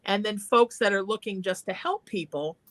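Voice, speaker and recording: A woman's voice: mid-range voice, moderate pace, fairly bright tone. A woman hosting a call-in talk show, giving earnest, encouraging advice in a conversational way. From Irish heritage. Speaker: psychic talk show host.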